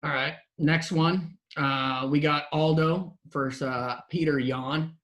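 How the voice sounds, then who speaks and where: A man's voice: fairly high pitch, fairly even intonation, takes it slowly, fairly bright tone, dull audio. A man hosting a casual podcast chat, easygoing as he reads out betting odds and asks his guest's opinion. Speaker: podcast host.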